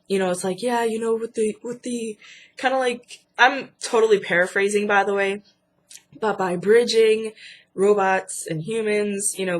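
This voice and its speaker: Chatty stuffy-nosed woman vlogger. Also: on the low side. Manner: chatty and indignant, lots of fillers. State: stuffy from a cold. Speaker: channel host. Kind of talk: casual vlog commentary.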